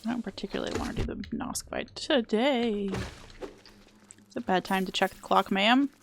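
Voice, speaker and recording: A woman's voice: mid-range voice, moderate pace, vocal fry, noisy background. Chatty woman streamer, wry and casual. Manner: chatty, wry, swears casually, laughs at herself. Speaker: game streamer. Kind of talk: casual chat while streaming a game. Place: home room.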